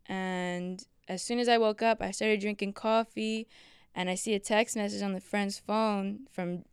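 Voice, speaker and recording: A woman's voice: medium pitch, steady tone, clean tone, no room sound, clean studio sound. A young woman casually and emotionally telling a personal story, swearing freely. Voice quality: emotional, profane, quick storytelling.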